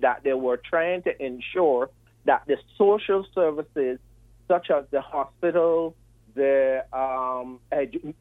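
A man, calling in to a radio talk show and laying out his questions in a measured, methodical way. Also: a little high, dry recording. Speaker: radio caller. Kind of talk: call-in radio discussion. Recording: tinny phone line.

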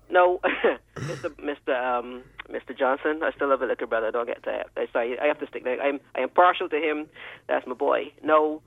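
Animated Barbadian man on a phone line. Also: fairly high pitch, a little fast, vocal fry, no echo. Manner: animated, repeats words often. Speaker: caller. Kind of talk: call-in radio commentary. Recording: dry tinny phone line.

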